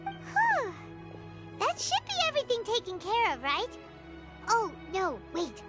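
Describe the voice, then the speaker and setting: A woman's voice: extremely high pitch, wildly swooping pitch, unhurried, exaggerated voice. A woman voicing a tiny, bubbly floating girl companion in a game, who talks about herself in the third person. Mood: excitable. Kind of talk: game dialogue. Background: game music.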